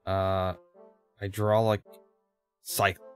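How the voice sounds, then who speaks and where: A man's voice: lowish voice, little pitch movement, takes it slowly. A man joking around casually with friends during a game and reading game text aloud. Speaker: co-player. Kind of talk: casual gaming chat. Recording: faint gameplay music behind voice.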